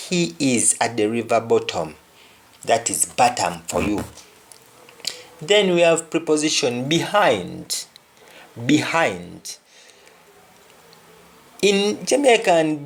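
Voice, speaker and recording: A man's voice: mid-range voice, big pitch swings, slow, long pauses. A man teaching a language lesson, saying each example phrase several times and then translating it. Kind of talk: slow spoken lesson with spoken examples.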